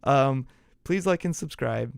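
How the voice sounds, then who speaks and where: Fired-up, gravelly sports host. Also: male voice, mid-range voice, a little slow, no room sound, studio quality. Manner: excitable, profane and pumped up. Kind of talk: casual hyped-up sports talk.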